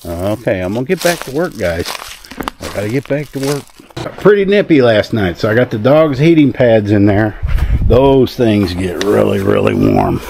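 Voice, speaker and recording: This low-ish, gravelly, sing-song voice belongs to a Southern vlogger chatting at a normal speed while he works outdoors on his rural property, with background noise audible. His manner is easygoing and folksy, and he talks to animals during his casual narration.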